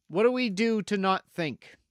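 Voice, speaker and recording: A man's voice: high voice, no room sound, clean studio sound. A man streaming and chatting casually with his live audience, rambling, profane and self-mocking.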